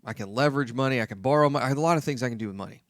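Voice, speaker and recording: A man's voice: mid-range voice, rapid-fire, dry recording, studio quality. A man hosting a talk radio show, speaking emphatically and repeating his key points.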